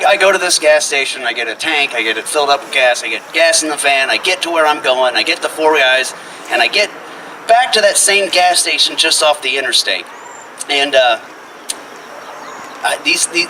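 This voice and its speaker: Bright animated male stand-up storyteller. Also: fairly high pitch. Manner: animated, swings into loud quoted voices. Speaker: stand-up comedian. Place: house living room show. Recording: distant mic, noisy room.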